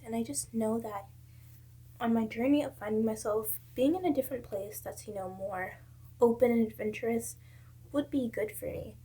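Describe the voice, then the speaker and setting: A woman's voice: fairly high pitch, warm tone, slightly rough. A young woman from South Carolina, a vlogger talking to her camera, giving candid and earnest advice from her own life. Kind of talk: casual advice talk to camera.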